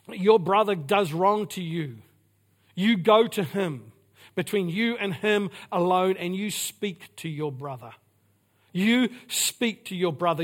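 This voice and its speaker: High-voiced man preaching with emphatic repetition. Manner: repetitive, emphatic preaching with sudden drops to quiet. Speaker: pastor. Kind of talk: sermon.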